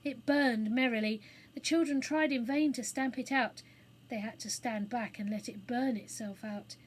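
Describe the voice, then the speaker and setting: A woman reading a children's book aloud as storyteller, in a clear, expressive manner. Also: a little high, normal speed, poor audio.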